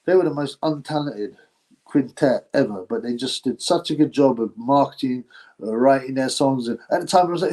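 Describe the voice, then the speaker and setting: A man's voice: medium pitch, a little fast, warm tone, low-quality recording. A man runs a casual boxing live stream, reading out viewer messages as he goes. He rambles loosely and drifts into crude banter. His voice sits in an ordinary middle register, with fillers and chuckles scattered through. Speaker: boxing podcast host reading chat.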